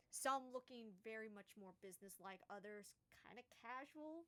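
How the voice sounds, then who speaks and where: A woman narrating a tabletop game as game master, chatty and laughing now and then. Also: medium pitch.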